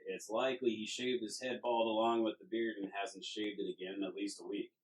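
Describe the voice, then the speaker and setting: A man's voice: fairly low pitch, little pitch movement, fairly quick, rough recording. A man narrating as the game master of a tabletop role-playing podcast, describing scenes and characters in detail. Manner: descriptive narration with frequent uh fillers and restarts, laughs easily.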